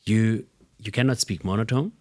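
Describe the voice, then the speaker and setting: A man with a slightly low voice, talking as a guest on an interview show. He explains speaking technique and illustrates points by shifting his own intonation. His delivery is animated and instructive. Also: moderate pace. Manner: animated, demonstrates voice melody with examples. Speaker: voice and communication coach, guest. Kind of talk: podcast interview.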